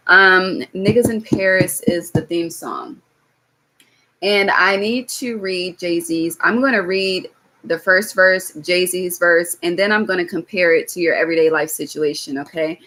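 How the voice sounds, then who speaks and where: A young woman with a slightly low voice gives a tarot reading on a live stream. She talks casually and bluntly, swearing freely, and keeps checking in with her viewers with "okay?". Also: measured pace, sharp tone. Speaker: tarot reader.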